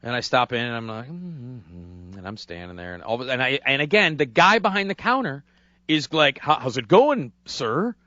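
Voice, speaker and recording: A man from hosting a radio show, telling a rambling story in a casual, animated way. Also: medium pitch, fast talker, no room sound, lo-fi sound. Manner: animated, rambling, acts out voices. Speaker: radio host. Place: radio studio.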